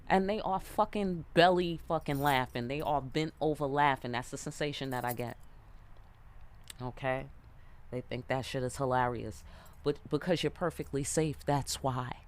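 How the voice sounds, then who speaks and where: A woman giving a tarot reading in a loose, animated way, cursing freely and checking in with her listener often. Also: sits low, normal speed. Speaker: tarot reader. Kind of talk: casual spoken tarot reading.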